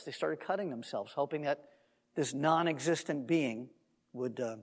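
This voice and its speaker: A man's voice: fairly high pitch, normal speed. A man giving a Bible teaching sermon, telling the story with animation and conversational asides, careful not to sound dogmatic. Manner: animated storytelling, acts out quotes. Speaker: Messianic teacher. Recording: long hall reverb.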